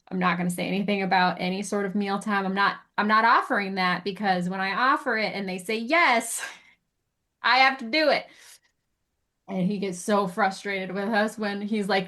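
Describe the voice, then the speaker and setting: A woman co-hosting a pet behavior podcast who tells animated stories and laughs often. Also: mid-range voice, moderate pace. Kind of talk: casual chat.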